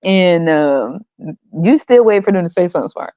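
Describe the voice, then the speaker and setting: A woman's voice: on the low side, expressive, normal speed, warm tone, no echo, lo-fi sound. A woman hosting a podcast, ranting bluntly and profanely, exasperated and often laughing. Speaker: podcast host.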